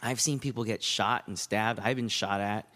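A man's voice: on the low side, fairly even intonation, moderate pace, bright, forceful tone. A man as a podcast guest in casual chat, talking candidly and swearing freely.

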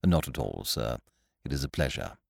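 Brief: male reader doing a grave, stiff older landlord, deep and slow, in a dry storybook reading. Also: very animated, gravelly, dry recording, heavily acted. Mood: solemn. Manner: grave, deferential, slow and measured.

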